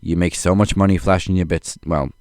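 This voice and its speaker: A man's voice: sits low, fairly even intonation, fairly quick, darkish tone, no echo. A man co-hosting a podcast in casual chat, handing out points with dry sarcasm. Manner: dry, sarcastic scoring of wrestlers. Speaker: podcast co-host.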